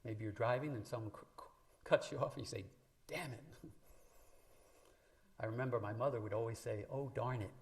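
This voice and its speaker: A man's voice: mid-range voice, a little fast, vocal fry, long pauses. A man preaching a sermon in a church, talking conversationally to the congregation and lifting his voice when he quotes scripture. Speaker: minister. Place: church sanctuary.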